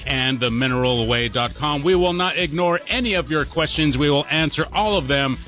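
A man hosting a talk show, briskly reading out contact details and bantering. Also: fairly high pitch, muffled recording, soft background music. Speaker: radio talk show host. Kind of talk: casual talk show chat.

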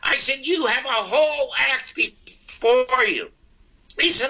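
Speaking slowly in an extremely high, creaky voice, a man in his eighties who works as a comedian and talk show host tells a long tale, acting out each side of the exchange. The recording is dull, lo-fi broadcast audio.

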